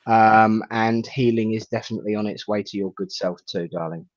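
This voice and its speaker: A man, a reverend hosting a casual live chat, rambling warmly and greeting viewers by name. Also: on the low side, steady tone, moderate pace, no echo. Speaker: host, reverend. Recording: dull lo-fi sound.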